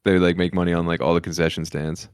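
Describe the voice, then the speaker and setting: A man's voice: sits low, little pitch movement, fast talker, clean tone, no room sound, studio quality. A young man co-hosting a comedy podcast, telling laid-back stories filled with "like". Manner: laid-back storytelling with frequent "like" and laughter-prone asides. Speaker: podcast co-host. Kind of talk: casual comedic chat.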